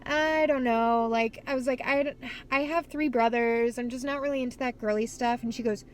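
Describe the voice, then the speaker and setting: A woman's voice: a little high, fairly even intonation, normal speed, slight background noise. A young woman vlogging in candid, casual chat. She swears freely and talks outdoors at a skate spot.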